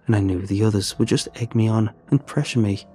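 A man's voice: fairly low pitch, fairly even intonation, a little fast, warm tone, faint music behind. A man narrating a first-person story in an earnest, emotional way.

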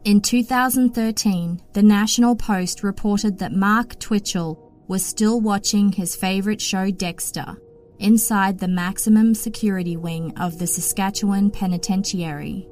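A woman hosts a true-crime podcast, telling the case in a steady, matter-of-fact scripted narration. Her voice sits at a middle pitch, with soft music faintly behind it. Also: measured pace. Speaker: podcast host.

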